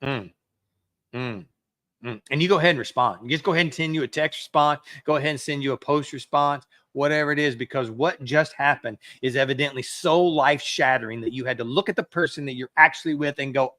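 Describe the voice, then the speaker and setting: A man's voice: a little high, animated, fairly quick, a bit bright, no room sound. A man preaching a sermon as a pastor, in a conversational way that acts out everyday excuses.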